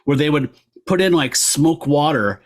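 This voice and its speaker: A man's voice: a little high, animated, measured pace. A man hosting a casual film podcast, rambling along with lots of filler words. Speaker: podcast host.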